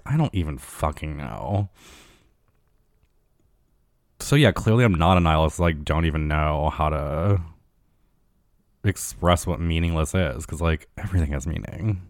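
A man's voice: deep voice, normal speed, dry recording, clean studio sound. A young man hosting a solo podcast, rambling in casual chat full of fillers and swearing. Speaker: podcast host.

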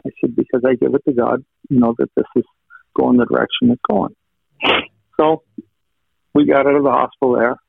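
Over a thin, dry, phone-like line, a man earnestly shares a personal testimony, stacking quoted "he said" lines as he retells conversations and thanks God along the way. His voice is medium-pitched and creaky, level in tone, a little fast, with long pauses and no echo.

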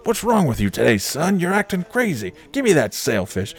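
A man voicing a gruff, crude older male boss who scolds in a raised, bossy voice. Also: fairly high pitch, huge pitch swings, moderate pace, voice pushed up, exaggerated voice. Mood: scolding.

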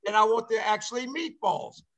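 A man's voice: high-pitched, fairly quick, creaky. Rambling older man hosting a call. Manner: rambling, excitable, many uh fillers. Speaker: show host, former ballplayer. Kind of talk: casual chat. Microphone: video call.

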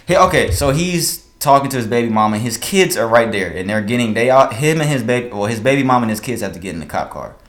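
A young man hosting a casual podcast, giving rapid, profane, animated commentary. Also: medium pitch. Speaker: podcast host.

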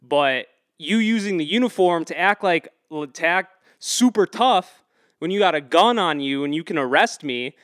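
A man's voice: on the high side, animated, normal speed, a bit bright, no echo. A man telling a story in an interview, rambling with lots of fillers and restarts, and getting heated and emphatic as he goes. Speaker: activist guest.

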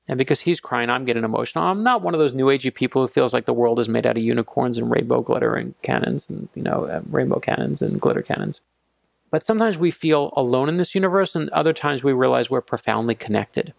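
A man's voice: mid-range voice, gravelly, no room sound. A middle-aged man, an author, telling stories in an interview and acting out the dialogue with energy. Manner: animated storyteller acting out dialogue. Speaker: author guest. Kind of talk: storytelling interview answers.

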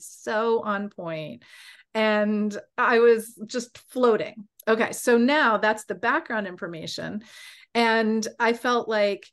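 Woman telling a story with animated voices. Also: on the high side. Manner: animated, acts out quoted voices. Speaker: coach and podcast host. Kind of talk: personal storytelling.

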